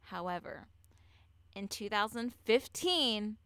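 Animated swearing woman telling a story. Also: medium pitch, slow pace, clear, resonant tone, dry recording. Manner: animated, swears freely, acts out quotes. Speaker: podcast host. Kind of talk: casual true-crime storytelling.

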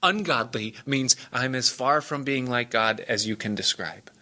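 A male preacher with a very bright, forceful tone delivers a relaxed, conversational sermon. He explains scripture point by point, tells stories and jokes, and chuckles often along the way. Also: mid-range voice, measured pace.

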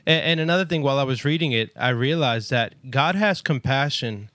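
A man's voice: mid-range voice, lively intonation, a little fast, few pauses, a bit bright, dry recording, clean studio sound. A man co-hosting a casual Bible discussion podcast, talking earnestly and emphatically, often checking in with "right?". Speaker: podcast co-host.

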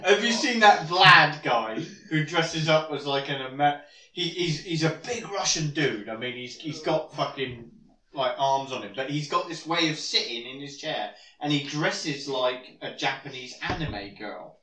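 A man on a podcast, retelling stories in a rambling, animated way with frequent restarts. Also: on the high side, measured pace, recorded from a distance. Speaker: podcast co-host. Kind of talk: casual storytelling banter. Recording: echoey room, a bit off-mic.

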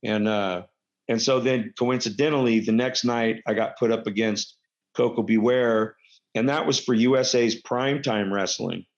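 A man's voice: medium pitch, fairly even intonation, moderate pace. A middle-aged man and former pro wrestler telling stories casually, rambling with lots of fillers and self-corrections. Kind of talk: casual anecdotal storytelling. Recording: dull lo-fi recording.

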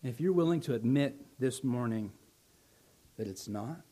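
A male pastor preaching a sermon, building to loud emphatic lines, then dropping soft and slow. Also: mid-range voice, animated.

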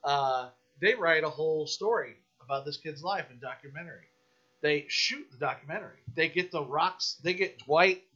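A man guesting on a podcast, telling a story in a casual, animated, profane rant. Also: a little high, moderate pace, husky, lo-fi sound.

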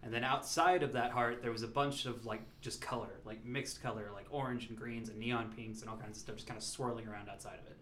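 A man's voice: mid-range voice, steady tone, fast talker, few pauses, a bit bright, a little hiss or hum. Laid-back man telling a story, echoey room. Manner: laughs often, rambling storyteller. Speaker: podcast co-host. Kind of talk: casual chat.

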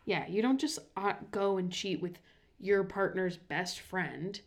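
A woman's voice: mid-range voice, a little slow. A woman co-hosting a podcast in casual chat, echoing her co-host and acting out quotes from a reality show. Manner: chatty, echoes her co-host, acts out quotes.

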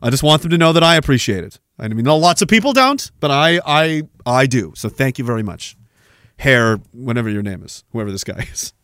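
A man's voice: mid-range voice, very animated, brisk, a bit bright, no echo, studio quality. A man hosting a podcast, ranting in a heated, sarcastic, profane way and laughing often. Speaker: podcast host.

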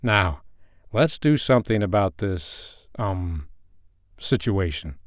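A man's voice: lowish voice, lively intonation, takes it slowly, no room sound, studio quality. A man voicing a confident, playful young man in an audio story, speaking in a jokey, upbeat and somewhat commanding way. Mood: teasing.

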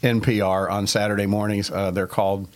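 A man's voice: fairly low pitch, little pitch movement, a little fast. A man hosting a casual Bible study podcast, chatty and teasing his co-hosts.

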